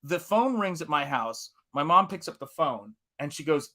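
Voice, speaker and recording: Male host from Tennessee, slightly higher voice, bright and forceful, loose storytelling with laughs and cursing. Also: a little slow. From Tennessee, USA. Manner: animated, laughing, swears freely. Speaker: artist hosting a live stream. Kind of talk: casual storytelling chat.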